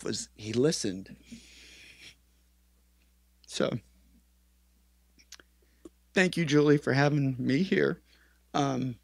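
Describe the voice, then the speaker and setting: Gravelly man giving an earnest tribute. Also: medium pitch, no room sound, clean studio sound. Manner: earnest, halting storytelling that acts out remembered dialogue. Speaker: eulogist at a memorial. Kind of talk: personal memorial tribute speech.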